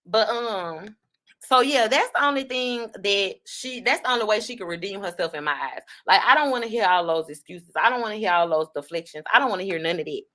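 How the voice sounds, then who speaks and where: A woman hosting an online talk show, giving blunt, profane commentary on online drama in a casual, fast-talking way. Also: mid-range voice, lively intonation, bright, forceful tone. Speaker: online radio host.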